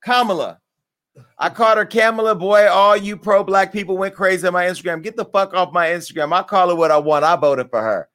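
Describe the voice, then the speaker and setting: Brash high-voiced man ranting comically. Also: fast talker, hardly any pauses. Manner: brash, animated, swings between loud outbursts and low mutters. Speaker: comedy commentary host. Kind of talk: crude comedic rant.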